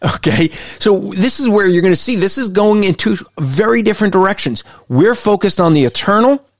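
A man with a fairly high voice delivers pointed Christian commentary, pressing each argument with emphasis. He slows down deliberately to read passages aloud. The sound is dry and close, with no room around it. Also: lively intonation, dry recording. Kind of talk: critical commentary on a list of values.

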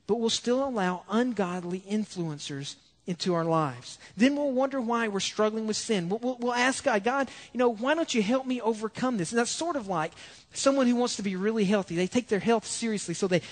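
A man's voice: high-pitched, in a large hall. A male pastor preaching a sermon in an urgent, pleading way, repeating his points.

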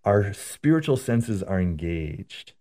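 A priest explains prayer in an earnest, conversational way and tells stories as he goes. His voice sits very low. He often checks in with a quick "right?". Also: big pitch swings, mellow. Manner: earnest, storytelling, repeats "right?".

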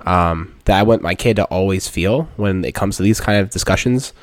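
A man hosting a casual chat, relaxed and reflective, giving short affirmations. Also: deep voice, moderate pace, no echo. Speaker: podcast host.

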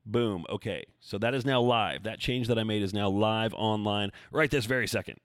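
Guy coach doing his solo podcast at home, kinda low voice, dry sound, rambly and jokey about himself. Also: moderate pace, no echo. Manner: rambling, self-deprecating, thinks aloud. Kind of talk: casual solo podcast talk. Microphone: desk mic, seated.

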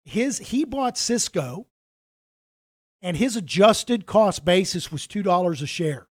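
A man's voice: high-pitched, expressive, slow pace, breathy edge. A middle-aged man, a financial advisor, telling a story in casual conversation, rambling with many restarts and acting out quoted dialogue.

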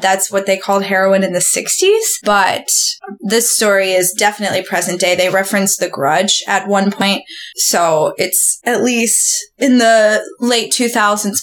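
A woman's voice: mid-range voice, a bit bright. A woman guest on a podcast, recapping a story in a dry, matter-of-fact way. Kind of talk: casual chat.

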